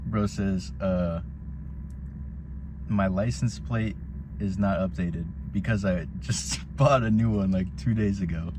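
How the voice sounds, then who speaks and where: A man's voice: low voice, takes it slowly. A young man ranting casually and profanely from his car, rambling with constant "bro" and "like". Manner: profane, excitable, heavy use of "bro" and "like". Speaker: vlogger recounting driving incidents. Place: inside a car. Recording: dull lo-fi sound with loud road noise.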